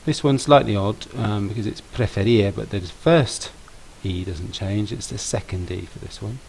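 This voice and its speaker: Patient man teaching, gravelly low voice. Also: moderate pace, a little mellow, a little hiss or hum, poor audio. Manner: patient, stresses sounds and repeats words. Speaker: language teacher. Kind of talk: explaining grammar to pupils.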